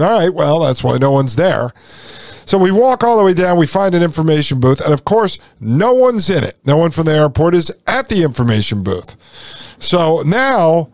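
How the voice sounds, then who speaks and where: A man's voice: mid-range voice, a little mellow, dry recording, clean studio sound. A male podcast host rambling casually through a long story, full of fillers and asides.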